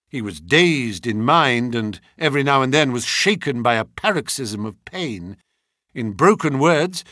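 A man giving a scripted narration of a classic detective story, telling it in the first person in an expressive, dramatic way. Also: medium pitch, no room sound, clean studio sound. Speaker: audiobook reader.

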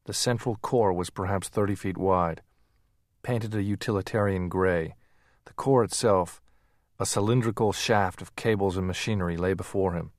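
A man narrating an audiobook in a steady, measured reading voice. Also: sits low, no echo, studio quality.

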